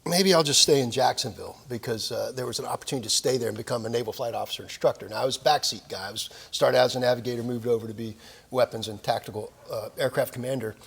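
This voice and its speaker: Gravelly older man telling war stories. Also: mid-range voice, steady tone, very fast, big-room sound. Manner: folksy, self-deprecating storytelling with many fillers. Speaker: guest speaker at a military lecture series. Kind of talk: anecdotal lecture. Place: lecture hall of a club.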